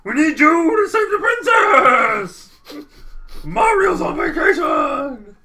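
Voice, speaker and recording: A man putting on the voice of a frantic old mushroom retainer, shouting in a high shrill voice while telling a made-up story on a podcast. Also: very animated, slow, over a noisy crowd, heavily acted.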